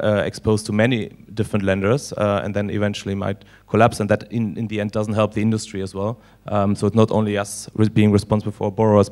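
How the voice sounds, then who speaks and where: A man speaking as a panelist on lending, halting often with "uh" and "um". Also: on the low side, darkish tone. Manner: halting, many "uh" and "um". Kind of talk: panel discussion.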